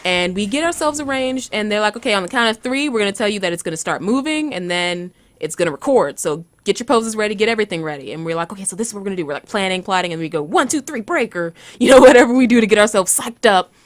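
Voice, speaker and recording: A woman with a Southern US accent, a guest cosplayer and actress, tells stories in a lively way and acts out the voices of people she quotes. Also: mid-range voice, quick pace, few pauses, no room sound. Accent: Southern US, Georgia. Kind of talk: animated storytelling in an interview.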